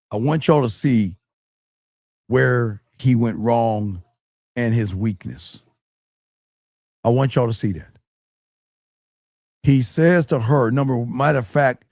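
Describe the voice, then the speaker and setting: Gravelly, blunt dating coach man. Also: no echo. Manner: blunt, profane, gets loud and high when scornful. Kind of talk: livestream advice talk.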